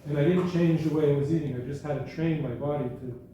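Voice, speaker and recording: Man, guest speaker, conversational, self-correcting, mellow tone, heard from a distance in a very echoey room. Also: fairly high pitch, steady tone, fast. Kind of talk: informal talk to an audience. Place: hall at a school gathering. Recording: echoey room, speaker far from mic, faint background noise.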